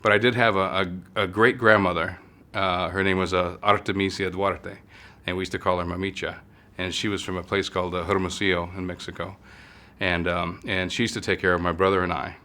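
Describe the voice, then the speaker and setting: A man from the United States with a low voice and a bright, forceful edge. As an interview guest he tells stories in a relaxed, halting way, often stopping to restart a sentence or fill the gap. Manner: halting, many fillers and restarts. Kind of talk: casual storytelling conversation.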